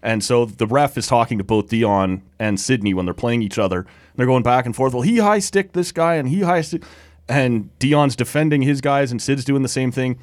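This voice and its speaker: A man's voice: medium pitch, normal speed, no room sound, clean studio sound. A man co-hosting a sports podcast, chatting casually about hockey, laughing often and acting out quotes.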